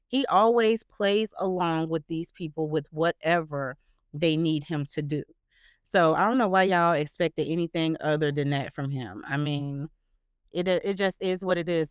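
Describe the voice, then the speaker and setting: Woman podcast host, chatty and sassy, smooth voice, dry close sound. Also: fairly low pitch, dry recording. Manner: sassy, chatty, talks straight to listeners. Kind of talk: casual solo podcast chat. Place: at home.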